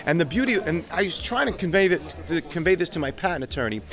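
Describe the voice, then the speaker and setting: A man with a fairly high, bright voice and lively intonation talks fast while demonstrating his guitar product in an interview, with live guitar playing in the background. Upbeat and salesy, he coaches a beginner step by step.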